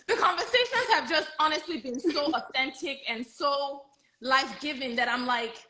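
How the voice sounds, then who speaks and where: A woman's voice: sits high, moderate pace, sharp tone, rough recording. A woman hosting a casual live-streamed chat with a friend, bubbly and laughing often. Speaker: host.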